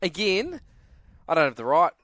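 A man's voice: high-pitched, huge pitch swings, normal speed, a bit bright, no room sound, clean studio sound. A man hosting a casual radio show, joking and laughing as he chats with his co-host.

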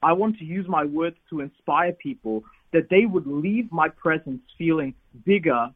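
Direct a high husky man on a tinny phone line. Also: moderate pace. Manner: lively, repetitive emphasis, builds to exhortation. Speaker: pastor, radio guest. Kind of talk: personal storytelling by phone. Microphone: phone call.

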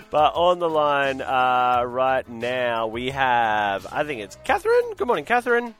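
Animated Australian male radio host. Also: mid-range voice, measured pace, hardly any pauses, soft background music. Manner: chatty, animated, acts out quotes. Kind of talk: casual radio chat. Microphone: studio microphone.

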